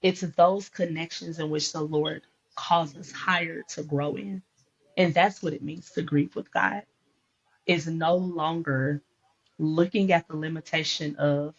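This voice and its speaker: A woman in a faith podcast conversation, an animated storyteller who acts out the dialogue she recounts. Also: sits low, unhurried, creaky, slightly rough, highs cut off.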